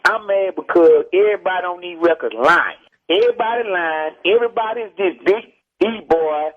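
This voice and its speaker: A man from Texas with a Texas accent, a rapper lecturing forcefully over the phone in a heated interview, repeating his points. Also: high-pitched, expressive, moderate pace. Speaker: rapper guest. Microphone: telephone. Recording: muffled phone line.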